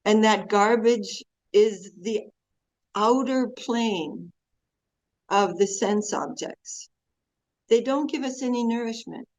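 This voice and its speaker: This spiritual teacher's voice is a little high but darkish in tone, and she talks slowly. Through muffled, lo-fi video call audio, she gives an earnest devotional talk full of stories and prayer quotations.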